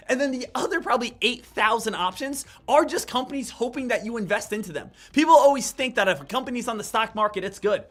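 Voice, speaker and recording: A man giving live stock trading commentary in an energetic way, hammering home points with repeated phrases. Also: very high voice.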